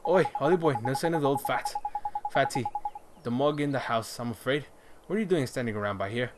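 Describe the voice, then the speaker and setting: A man's voice: mid-range voice, fairly quick, heavy background noise, natural voice. A man doing a brash, cheeky fairy sidekick. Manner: brash and bossy, British slang. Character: cheeky loud fairy sidekick, grown male. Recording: loud game music behind.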